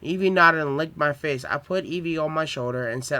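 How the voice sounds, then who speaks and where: A man reads his own homemade story aloud, with plain delivery and small stumbles. His voice is bright and sharp and sits a little high. The sound is dry and close, with no room echo. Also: brisk.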